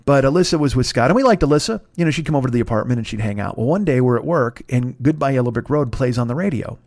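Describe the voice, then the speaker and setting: A man's voice: medium pitch, lively intonation, racing, darkish tone, dry recording, studio quality. A man, hosting a comedy podcast with a profane, rambling, self-mocking storytelling monologue full of restarts. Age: 50s.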